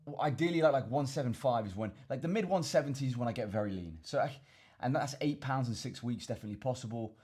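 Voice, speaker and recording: Addressing viewers as chaps, the young English fitness coach and vlogger rambles through a casual Q and A to camera, repeating many words. He speaks fast and animated at medium pitch, sounding a little mellow with a breathy edge.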